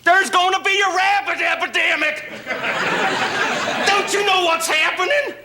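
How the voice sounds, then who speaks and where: A man playing a blustering, hot-tempered husband full of schemes in a TV sketch. He argues with his mother-in-law in exasperated shouts. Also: very high-pitched, steady tone, a little slow, over a noisy crowd, very noisy. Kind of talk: 1970s TV sketch comedy acting.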